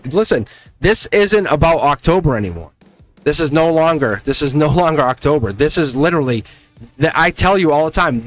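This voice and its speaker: A tarot reader on a live stream gives a reading in a slightly high voice, emphatic and animated. He laughs often and sometimes slips into a scolding, teacher-like tone.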